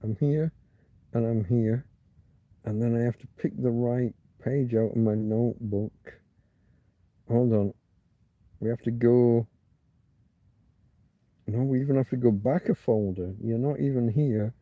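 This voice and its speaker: A man's voice: medium pitch, steady tone, unhurried, long pauses, no echo, narrow, tinny audio. A man hosting a loose livestream, thinking aloud and muttering asides as he reads viewers' chat. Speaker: livestream host. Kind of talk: rambling live chat with viewers.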